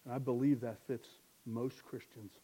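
A young man preaching a sermon, building to loud, impassioned exhortation. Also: medium pitch, flat delivery, moderate pace, husky.

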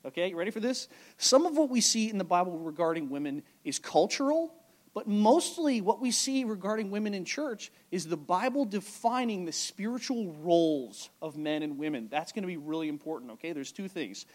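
A man's voice: high-pitched, fairly quick. A male pastor giving a conversational sermon to his congregation, often checking in with the listeners. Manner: animated, conversational preaching with frequent check-ins.

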